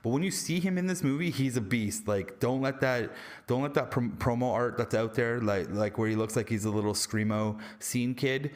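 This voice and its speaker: A man's voice: medium pitch, moderate pace. A man reviewing a movie in a casual vlog, rambling, slangy and jokey. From Canada.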